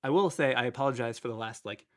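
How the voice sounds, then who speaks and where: A man's voice: medium pitch, fast, fairly bright tone. A man in his thirties with a slightly nasal voice, hosting a casual live stream, chatty and rambling as he greets viewers. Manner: chatty, rambling, self-deprecating. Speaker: livestream host.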